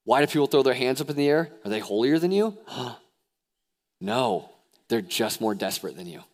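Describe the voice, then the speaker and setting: A young man preaching a sermon as pastor, animated, swinging from hushed lows to excited near-shouts. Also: moderate pace. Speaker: youth pastor.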